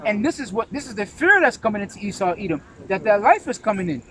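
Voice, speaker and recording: A man's voice: sits high, sing-song, fast talker, a bit bright, low-quality recording. A man preaching during a scripture discussion, emphatic, often asking "right?" and tagging "man" onto his lines. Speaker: religious teacher.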